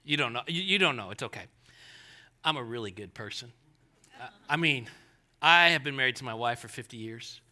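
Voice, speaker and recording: A man's voice: mid-range voice, lively intonation, fairly quick, long pauses, sharp tone, pitched below the performer's own voice. A man voicing a self-satisfied retired man who boasts of his good deeds in a sermon story. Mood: pleading. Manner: bragging, pleading.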